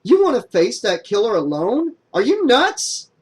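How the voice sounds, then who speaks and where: A man voicing a brash, excitable young man in an audiobook, loud and leaping high in pitch. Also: a little slow, husky, exaggerated voice. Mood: excited, teasing. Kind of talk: audiobook character voice.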